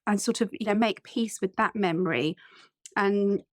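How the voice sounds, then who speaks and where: A woman's voice: medium pitch, moderate pace, no room sound, clean studio sound. A middle-aged woman, hosting a podcast interview and asking reflective, empathetic questions in a chatty, self-deprecating way. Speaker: podcast host.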